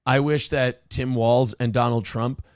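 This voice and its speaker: A man's voice: mid-range voice, steady tone, a little slow, smooth, no echo, clean studio sound. A man hosting a morning show, telling stories casually and profanely, with acted-out quotes. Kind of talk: casual chat. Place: home studio.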